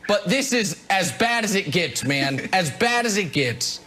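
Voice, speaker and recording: A man's voice: sits high, very animated, a little slow, pushed and bright, soft background music. A man hosting a heated sports debate, sarcastic and incredulous, stumbling over restarts.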